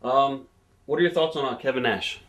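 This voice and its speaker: A woman with an extremely low voice conducts an interview. She asks casual, loose questions and chimes in with quick affirmations. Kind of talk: wrestling shoot interview.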